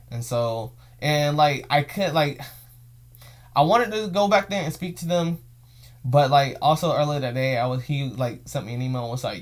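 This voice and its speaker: A young man with a voice on the high side, speaking at normal speed, hosts his own show. In this casual storytelling vlog he tells an emotional story, rambling and repeating phrases.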